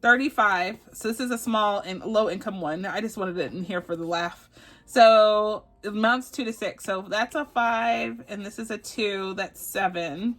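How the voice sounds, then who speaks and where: A woman's voice: medium pitch, normal speed, fairly bright tone, faint music behind. A woman from Texas chatting casually and giggling as she counts up her savings challenge sums aloud on her budgeting channel. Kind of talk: casual chat while doing savings challenges.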